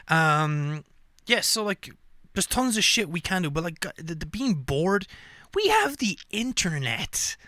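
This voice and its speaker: A man's voice: high voice, unhurried, no echo, studio quality. A man hosting a podcast, talking in a loose, profane, rambling rant with lots of fillers. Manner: profane, animated rants with frequent fillers. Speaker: podcast host. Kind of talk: casual ranting monologue.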